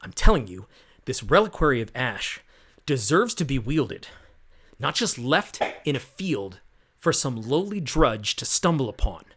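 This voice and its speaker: A man's voice: mid-range voice, big pitch swings, unhurried, a bit bright, husky, full character voice. A man voicing an impatient, scheming male soldier leader in a tabletop game, clipped and secretive.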